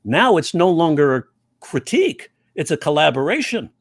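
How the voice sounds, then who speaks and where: A man who teaches comedy telling stories in an interview, animated and slipping into quoted voices. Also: on the high side, moderate pace, slightly rough, no echo. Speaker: comedy teacher and stand-up comic. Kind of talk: storytelling interview talk.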